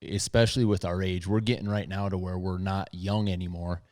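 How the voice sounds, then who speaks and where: Deep soft-spoken male podcast host. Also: level tone, fairly quick. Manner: low, soft-spoken radio voice, rambling restarts. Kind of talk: casual chat. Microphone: studio podcast mic.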